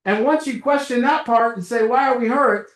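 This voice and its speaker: A man's voice: very high voice, moderate pace, fairly bright tone, echoey room. A middle-aged man speaking casually to a recovery group in a meeting room, acting out little dialogues as he goes. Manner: conversational, acts out little dialogues with a chuckle. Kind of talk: casual motivational talk to a group. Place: meeting room with a small audience.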